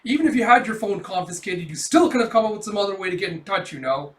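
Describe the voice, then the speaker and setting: A man's voice: sits high, lively intonation, fairly quick, pushed and bright. A man reading a scolding young soldier. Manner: reproachful, pressing. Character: stern young male soldier, scolding friend. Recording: roomy, distant mic.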